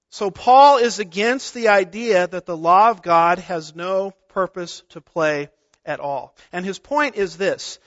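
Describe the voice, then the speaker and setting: Middle-aged male pastor, high voice, unhurried, emphatic sermon delivery. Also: fairly bright tone, no room sound. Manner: emphatic, rhetorical questions, stresses single words. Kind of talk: expository sermon. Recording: dull lo-fi sound.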